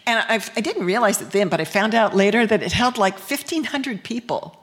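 A woman's voice: medium pitch, lively intonation, a little fast. A woman from the United States telling a bawdy personal story on stage, candid and laughing as she goes. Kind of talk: live storytelling performance.

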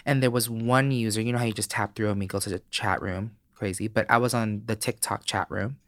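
A man in his late twenties from Florida, a podcast guest telling stories in an animated, casual way and swearing freely. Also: on the low side, brisk, no room sound, studio quality. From Florida, United States. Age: late 20s. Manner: animated, swears freely, acts out voices in anecdotes. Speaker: guest, beauty creator. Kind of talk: casual interview storytelling.

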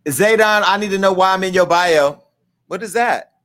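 A man's voice: high-pitched, normal speed, a bit bright. A man hosting a live-streamed show, talking in brash, profane, rambling banter with his audience and crew. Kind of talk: casual live-stream talk.

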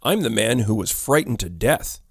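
Sad quiet ghost guy, as a narrator does him, low slow sighing voice. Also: expressive, husky, dry recording, studio quality. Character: sad young male ghost, quiet and frightened.

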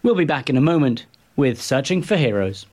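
A man's voice: medium pitch, lively intonation, fairly quick, darkish tone. A man interviewing a guest, asking long, wandering, supportive questions.

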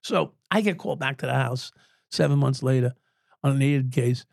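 A man's voice: mid-range voice, normal speed, creaky, a little mellow, dry recording, studio quality. A man in his sixties, a former police officer, telling stories as a podcast guest, swearing freely and laughing at his own tales. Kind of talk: profane storytelling in an interview.

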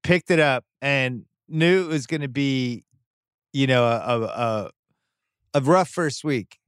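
A man's voice: medium pitch, slow pace, smooth, no echo. A middle-aged man hosting a sports podcast, telling a long home story in casual chat and acting out what people said. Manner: animated storytelling, acts out voices in quotes. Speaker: podcast host. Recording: dry close studio mic.

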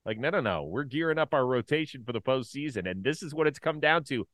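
A male co-host in casual sports chat, his pitch leaping around in lively swings. He jumps from loud, joking outbursts to half-mumbled asides. The sound is dry and close. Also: fast talker, no room sound. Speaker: baseball show co-host.

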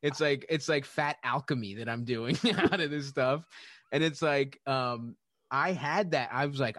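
A man's voice: mid-range voice, unhurried, fairly bright tone, no echo. Guy rambling on a podcast, swears a lot, laughs a bunch, dry close sound. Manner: chatty and profane, many fillers and laughs. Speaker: podcast guest. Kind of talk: casual podcast conversation.

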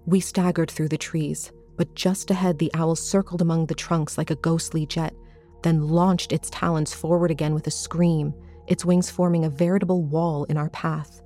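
Low, mellow woman reading a horror story. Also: little pitch movement, soft background music. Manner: measured, suspenseful reading. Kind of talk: first-person horror story narration.

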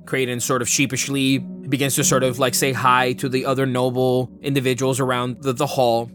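A man's voice: medium pitch, flat delivery, normal speed, music in the background. A man narrating a tabletop game as game master, descriptive and loose with casual fillers.

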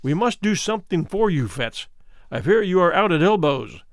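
A man reading aloud and voicing a wealthy elderly doctor who speaks in hurried, soothing, ingratiating words. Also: high voice, sing-song, dry recording, clean studio sound. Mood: placating. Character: smooth wealthy elderly doctor, nervous and placating.

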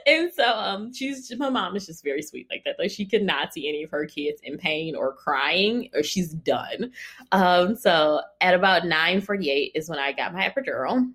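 A woman's voice: fairly low pitch, expressive, moderate pace, a bit bright. A young woman casually telling her birth story, chatty and laughing often as she acts out what people said.

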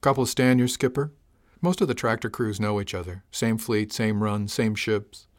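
A man's voice: on the low side, normal speed, close to an everyday voice. A man reading an audiobook, voicing a wary, earnest young male spacer who answers in hesitant, clipped replies. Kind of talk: audiobook character voice.

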